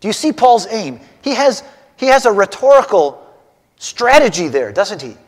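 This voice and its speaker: Lively male Bible teacher in an echoey hall. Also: high-pitched, moderate pace. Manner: animated, questioning the class directly. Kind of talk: Bible lesson.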